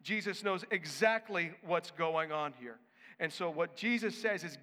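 A man's voice: fairly high pitch, animated, a little slow, bright, forceful tone. A male pastor preaching a sermon in an emphatic, conversational way. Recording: echoey hall.

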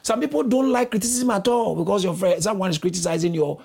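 A man preaching a sermon, urging his listeners on and repeating phrases, with his voice leaping high for emphasis. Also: quick pace, gravelly, darkish tone, breathy edge.

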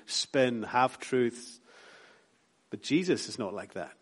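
A Scottish man preaching a sermon, building emphatic repeated phrases and then dropping softly. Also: mid-range voice, moderate pace. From Scotland. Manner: rhythmic, repetitive preaching with rising emphatic lines and soft drops.

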